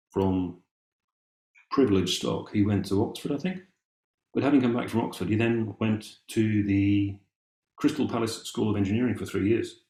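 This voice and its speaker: A man's voice: lowish voice, mellow, roomy sound. An Englishman giving a casual, musing talk, wry and full of ums and restarts as he reads from old documents. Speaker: amateur family historian presenting.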